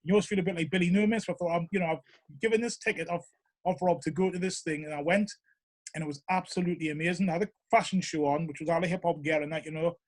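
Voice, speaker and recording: Fast-talking, high-voiced Geordie man. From Newcastle, England. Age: middle-aged. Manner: rambling, animated, lots of 'you know what I mean'. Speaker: interviewee, show regular. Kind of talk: casual storytelling interview.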